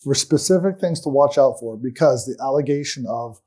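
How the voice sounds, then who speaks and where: A man, a guest on a talk show, earnestly recounting a personal ordeal in an aggrieved tone, often trailing off quietly at the ends of sentences. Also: mid-range voice, fairly quick.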